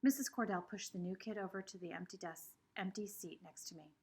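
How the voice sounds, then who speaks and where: A woman's voice: mid-range voice, fairly quick, husky. A woman reading a children's novel aloud with expression. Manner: expressive, shifting between voices. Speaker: reader.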